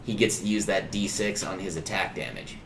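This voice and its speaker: Deep-voiced man running a tabletop game. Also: fairly quick, gravelly, fairly bright tone, reverberant, soft background music. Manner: casual, explains rules at length. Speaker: dungeon master.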